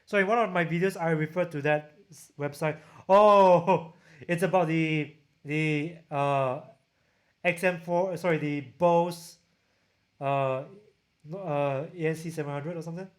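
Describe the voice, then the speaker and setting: A man with a Singaporean accent, a tech reviewer, hosts a casual livestream and reads viewers' comments aloud, often stopping to restart or correct himself partway through. His voice sits a little high with fairly even intonation. The sound comes from a camera-mounted shotgun mic.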